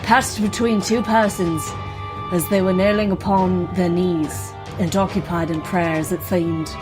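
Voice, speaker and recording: A woman doing a solemn, old-fashioned preacher reading from an ancient chronicle, slow and deliberate. The put-on accent gives the voice an antique, churchly weight. Faint music plays underneath. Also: on the low side, fairly even intonation, close to an everyday voice, poor audio.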